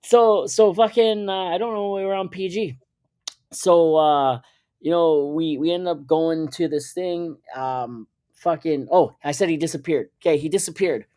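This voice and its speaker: A man's voice: a little high, normal speed, mellow. A man, hosting a podcast and telling a story in a rambling, profane way, often correcting himself. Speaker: podcast host. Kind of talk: casual storytelling.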